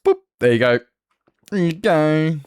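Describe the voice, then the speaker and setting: Lively-voiced man streaming casually. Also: a little high, measured pace, clear, resonant tone, dry recording. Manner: chatty, swears freely, laughs often. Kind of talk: casual gaming livestream chat.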